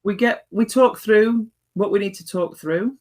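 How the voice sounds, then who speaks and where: A woman's voice: mid-range voice, a little slow, a little mellow. A middle-aged woman talking as a guest on a talk show, blunt and down-to-earth, with mild swearing and hearty laughs. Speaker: guest, life coach. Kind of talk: casual chat.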